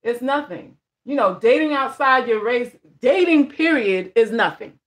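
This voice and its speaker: A woman's voice: on the high side, animated, a little slow. A woman vlogger chatting casually on a livestream, blunt and emphatic, repeating phrases for emphasis and answering viewer comments. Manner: reads viewer comments aloud and answers them. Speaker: vlogger and life coach.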